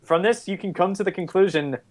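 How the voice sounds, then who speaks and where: A man narrating as game master with a slightly high voice. He rambles casually, restarts his sentences and laughs along with his players. The mood is loose and jokey. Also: a little fast.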